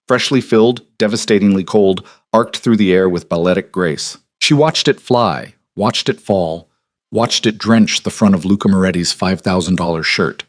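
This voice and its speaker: Male narrator, measured dramatic read, low pitch. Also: no room sound, clean studio sound. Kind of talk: scripted story narration.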